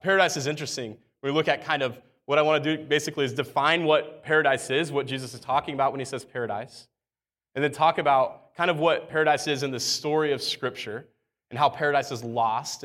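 A man preaching a sermon in a relaxed, conversational way, reading scripture aloud and repeating key words. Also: mid-range voice, a little fast. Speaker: pastor.

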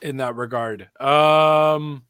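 A man's voice: on the high side, fairly even intonation, takes it slowly, a bit bright, smooth, no room sound, studio quality. A young man hosting a casual wrestling chat show, rambling with lots of fillers in an upbeat way. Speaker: podcast host.

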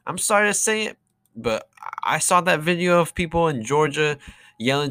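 A man's voice: fairly high pitch, expressive, normal speed, sharp tone, no echo. A young man recording a casual audio diary, rambling and sarcastic, with many fillers and restarts. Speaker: vlogger.

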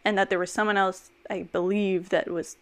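A woman's voice: mid-range voice, little pitch movement, moderate pace, a bit bright. A young woman guest in a casual chat, talking in rambling, chatty runs full of "like" and restarts. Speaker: guest, former reality dating show contestant.

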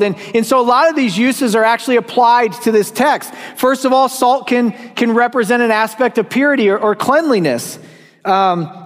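A man with a strikingly high voice delivers an earnest, emphatic sermon as pastor, repeating key words and slipping in wry jokes about himself. His voice rings out in a church hall with a long, trailing reverb. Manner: earnest, emphatic preaching with repeated words and light self-mocking asides.

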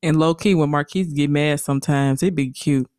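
A woman's voice: low-pitched, steady tone, normal speed, darkish tone, no room sound. A woman co-hosting a casual podcast, talking in easygoing slang. She is playful and breaks into laughter often. Her voice is close and dry with no room sound. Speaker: podcast co-host. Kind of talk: casual chat.

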